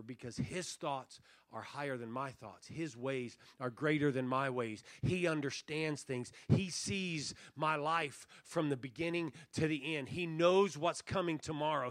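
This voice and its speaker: Man preaching at a church revival, pretty bright tense tone, earnest, goes real quiet then builds back up. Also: on the high side, no room sound, clean studio sound. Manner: earnest preaching, drops to near-hush then swells on key phrases. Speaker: pastor. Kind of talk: revival sermon.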